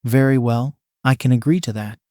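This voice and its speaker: A calm male villain mentor who speaks softly and steadily with gentle concern. A man reads the part in his own voice. The tone sits at mid pitch and the recording is dry and close. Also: moderate pace, no room sound, close to an everyday voice. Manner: soft and steady.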